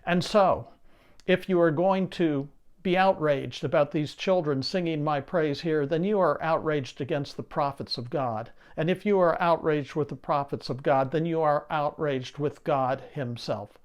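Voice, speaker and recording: A man with a fairly high voice delivers a sermon in a lively expository style. He reads scripture, then asks his listeners rhetorical questions and answers them with emphasis. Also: a little slow, clear, resonant tone. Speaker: preacher.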